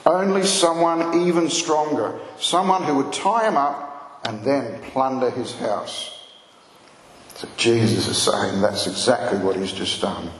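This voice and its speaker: A man's voice: medium pitch, a little slow. Male pastor, earnest sermon delivery, reverberant church hall with faint room noise. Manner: earnest storytelling, rising for emphasis. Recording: echoey hall with long reverb, faint ambience.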